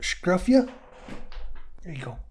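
A man's voice: high voice, big pitch swings, slow pace, a little mellow, slight background noise. A man co-hosting a podcast, chatting casually about a TV episode, joking, rambling and swearing freely. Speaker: podcast co-host. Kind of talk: casual chat, reviewing a TV episode.

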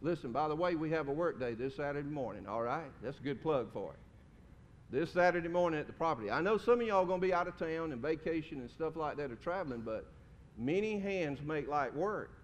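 A man's voice: animated, a little fast, highs cut off. Folksy male pastor preaching. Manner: folksy, conversational preaching with questions to the congregation. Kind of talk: sermon. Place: church sanctuary. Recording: reverberant hall with faint rumble.

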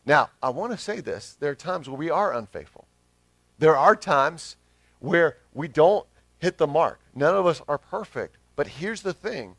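A man's voice: fairly high pitch, animated, unhurried, a bit bright, no echo. A man in his thirties, a pastor giving an earnest, conversational sermon with rising emphasis.

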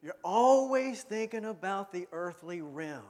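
A man voicing a patient but exasperated male teacher who gently scolds his followers. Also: sits high, expressive, a little slow.

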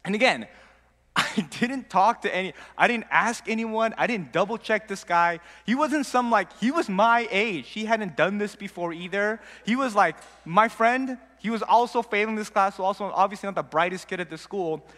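A young man telling a casual personal story, animated and acting out the people in it. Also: high voice, normal speed. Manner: animated, acts out quoted dialogue. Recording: long reverb.

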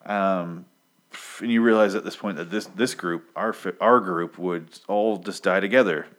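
A man casually recapping a comic, rambling and swearing, and breaking into animated quotes of the characters. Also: sits low, normal speed. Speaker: comic book reviewer.

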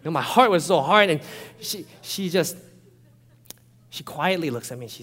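A man preaching a sermon as a pastor, animated and conversational, often checking in with his listeners. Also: on the high side, normal speed, long pauses, long reverb tail.

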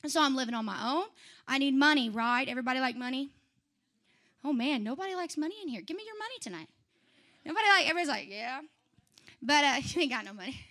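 A woman with a high, bright voice tells her testimony to a church congregation. She is chatty and lively, laughs often and talks straight back to the people in the pews. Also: fast. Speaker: church member giving a testimony.

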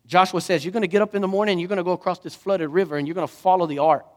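Man, pastor, high-pitched, emphatic sermon, reverberant sanctuary. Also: very fast. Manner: animated preaching, rising to emphatic questions.

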